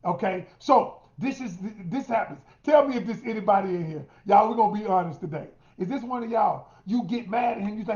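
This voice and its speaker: A man's voice: high-pitched, lively intonation, fairly quick, few pauses, a little mellow. A middle-aged man coaching women on relationships in an emphatic monologue, calling listeners "y'all" and acting out what people say. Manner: emphatic, addresses listeners as y'all, acts out quotes. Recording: roomy, dull lo-fi sound.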